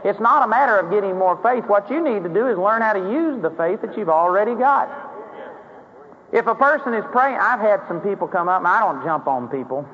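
A man's voice: sits high, animated, fairly quick, a bit bright, in a large hall. A man preaching a sermon in a conversational way, rising into emphatic acted prayers. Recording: dull, hollow-sounding sermon recording with faint hiss.

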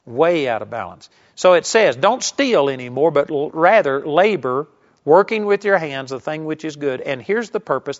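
A man's voice: a little high, highs cut off. A man preaching a sermon for radio with an emphatic, repetitive cadence.

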